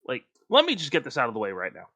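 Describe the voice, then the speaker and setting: A man's voice: medium pitch, wildly swooping pitch, racing, a crowd in the background. A man co-hosting a podcast in casual chat, emphatic and rambling, often breaking into laughter. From North Carolina. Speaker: podcast co-host.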